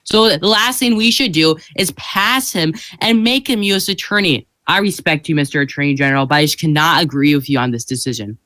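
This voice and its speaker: A man's voice: a little high, a little fast, hardly any pauses, sharp tone, dry recording, rough recording. A man playing a senator in a mock senate debate, argumentative, often laughing and tripping over his words. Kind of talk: role-played parliamentary debate.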